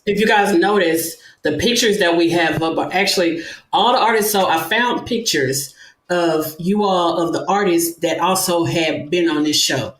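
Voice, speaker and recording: A male host chatting in an interview, animated and emphatic, laughing easily. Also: sits high, normal speed. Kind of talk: casual interview chat. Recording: echoey room.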